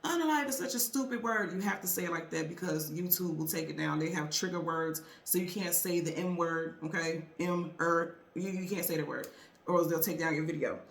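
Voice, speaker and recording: A woman's voice: sits low, steady tone, a little fast, vocal fry, reverberant. A middle-aged woman hosting a tarot channel, telling a story to viewers in a chatty, earnest way with fillers and restarts. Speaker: tarot reader and channel host.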